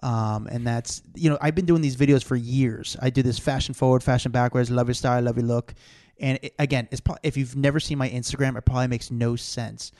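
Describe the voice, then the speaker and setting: A man's voice: mid-range voice, steady tone, brisk, a little mellow. A man hosting a podcast, telling rambling stories full of fillers in a casual chat. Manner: rambling storyteller, filler-heavy. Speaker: podcast host.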